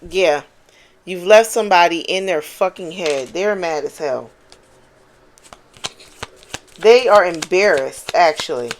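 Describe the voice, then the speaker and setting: A woman giving a casual tarot reading, animated and profane, who exclaims and repeats lines for emphasis. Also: on the low side, takes it slowly, pauses often, slight background noise. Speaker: tarot card reader.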